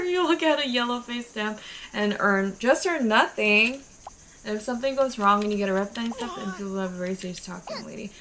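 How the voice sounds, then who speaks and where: A woman voicing a gruff creature boss in a game, in a soft, lowered voice with a put-on accent. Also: noisy background, lightly acted.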